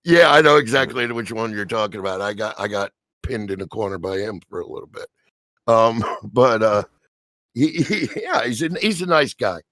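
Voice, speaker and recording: A man's voice: on the low side, moderate pace, no echo. Profane man spinning a rowdy story. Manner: profane, animated storyteller acting out quotes loudly. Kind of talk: casual storytelling chat.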